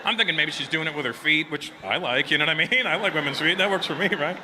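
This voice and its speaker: A man's voice: fairly high pitch, fast talker. A man doing stand-up comedy before a live audience, telling crude, rambling stories, laughing at his own jokes and checking in with the crowd. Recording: noisy live club recording.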